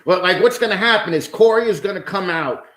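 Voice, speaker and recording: A man's voice: high voice, brisk, a bit bright, roomy sound. A man as a podcast guest in casual chat, ranting with heavy swearing and stammering restarts.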